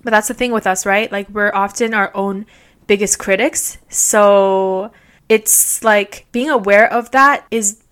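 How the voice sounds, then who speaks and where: A woman's voice: mid-range voice, fairly even intonation, normal speed, a bit bright. A young woman hosting her own podcast, talking candidly and casually, laughing often and using lots of fillers. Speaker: podcast host. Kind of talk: casual solo podcast monologue. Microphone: podcast microphone.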